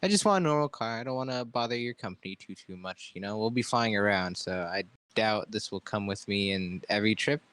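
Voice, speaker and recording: A man's voice: lowish voice, brisk, hardly any pauses, fairly bright tone, no echo. A man playing in a casual tabletop game, joking and describing what his character does. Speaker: player. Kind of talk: casual tabletop role-play.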